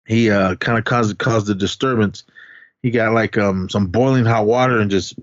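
A man's voice: lowish voice, fairly even intonation, moderate pace, no echo, highs cut off. A man co-hosting a podcast, rambling through a casual movie recap and laughing as he goes. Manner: rambling, laughing, acts out quotes. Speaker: podcast co-host.

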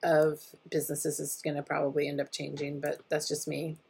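A woman co-hosting a podcast, talking through a topic casually and thoughtfully, often pausing to restart her sentences. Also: low-pitched, completely flat delivery, creaky, mellow, breathy edge. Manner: thoughtful, hesitant, with many restarts. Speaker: podcast co-host. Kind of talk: casual discussion.

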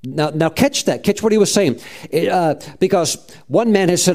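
Fervent preaching pastor, mellow voice. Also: male voice, high-pitched, lively intonation, moderate pace, vocal fry. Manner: fervent preaching, repeats "praise God", acts out quoted voices. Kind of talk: sermon.

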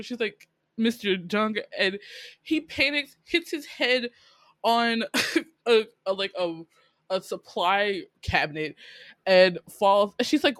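A woman's voice: medium pitch, a little slow, dry recording. A woman in a casual chat, recapping a drama with laughter and acting out the characters' lines. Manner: chatty, animated, laughs often, acts out characters' lines. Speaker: podcast co-host.

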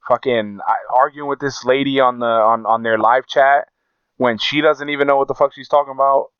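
A man's voice: medium pitch, fairly even intonation, brisk, a bit bright, clean tone, dry recording, highs cut off. A man co-hosting a casual podcast, swearing freely and acting out the quotes in his stories. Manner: profane, storytelling, acts out quotes. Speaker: podcast co-host.

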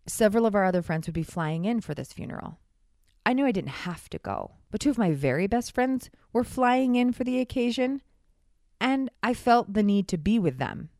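A woman's voice: mid-range voice, no echo. Candid young woman telling her own story, wry, with a dry recording. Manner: candid, animated, wry, acts out quoted voices. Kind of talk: personal storytelling monologue.

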